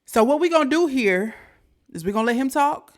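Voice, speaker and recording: A woman hosting a reaction video, talking loosely and conversationally, with sudden soft drops in volume. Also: high voice, expressive, fairly quick. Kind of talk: casual reaction commentary.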